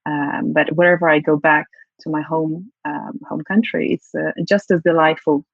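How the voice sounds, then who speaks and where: A Polish-born woman with a British accent, speaking in a lowish voice as a guest on a video call from home. She sounds warm and reflective and often restarts her phrases mid-thought. The audio is dull and very dry. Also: fairly even intonation, normal speed, creaky, dry recording. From Poland. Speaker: guest, CEO and leadership coach. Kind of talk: casual interview chat.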